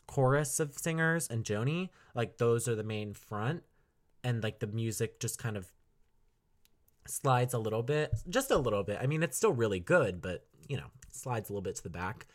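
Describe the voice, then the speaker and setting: A young man talks through an album review on his own podcast, loose and rambling. He laughs easily and breaks into short sung snippets of lyrics. His voice sits at an ordinary middle pitch for a man. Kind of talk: casual solo podcast review.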